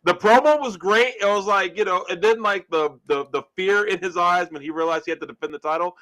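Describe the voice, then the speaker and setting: A man co-hosting a live podcast in casual chat, excitable and tripping over his words with frequent restarts. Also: sits high, a little fast. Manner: excitable, stammers and restarts often. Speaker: co-host of a wrestling podcast.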